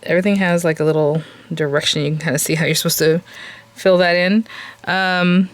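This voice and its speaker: A woman's voice: low voice, steady tone, fairly quick, no room sound. A woman hosting a papercraft tutorial, chatting casually, thinking aloud with lots of fillers and laughing at herself now and then. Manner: chatty and self-amused, laughs at herself often. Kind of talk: casual craft tutorial chat.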